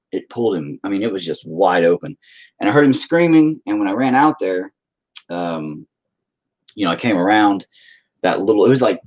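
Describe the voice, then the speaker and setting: A man telling a rambling, profane story in a casual chat with his viewers. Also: deep voice. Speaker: streamer.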